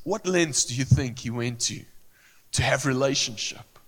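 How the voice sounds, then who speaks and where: A man preaching a sermon as pastor, earnest and emphatic, repeating phrases with searching pauses and audibly emotional. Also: mid-range voice, a bit bright, slightly rough. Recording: long hall reverb.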